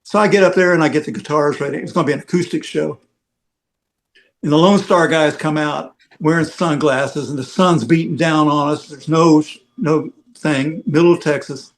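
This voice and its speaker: Man, slightly high voice, rambling anecdotal roadie storyteller, filler-heavy. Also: moderate pace. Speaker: veteran rock roadie guest. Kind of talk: casual storytelling on a podcast.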